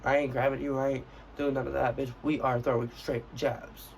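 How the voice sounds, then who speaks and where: A brash young man tells a profane storytime in a loose, casual vlog voice. His voice is gravelly with a mid pitch, and he sits a little back from the mic over faint room noise. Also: level tone, normal speed, recorded from a distance, poor audio. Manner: brash, profane, acts out quotes of himself. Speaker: vlogger.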